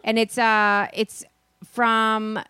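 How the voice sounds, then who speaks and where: A woman's voice: fairly high pitch, level tone, slow, sharp tone, smooth, no echo, clean studio sound. Playful woman, Netherlands-raised podcast co-host. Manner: playful, insists on correct pronunciation. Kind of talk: casual podcast banter.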